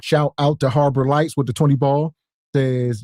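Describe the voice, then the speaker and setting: A man's voice: mid-range voice, steady tone, normal speed, warm tone, no room sound, clean studio sound, faint music behind. A man co-hosting a podcast, reading viewer comments out in a laid-back, wry way. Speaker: podcast co-host.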